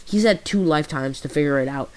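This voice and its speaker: A man casually retelling a fan story, rambling and halting, full of fillers and restarts. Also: on the high side, smooth, poor audio. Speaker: channel host.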